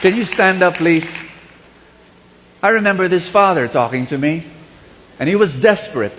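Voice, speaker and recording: A man with a Filipino accent preaching a sermon, exhorting his listeners and telling stories in an animated way, heard with long reverb in a large hall. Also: sits high, normal speed, long pauses, slight background noise.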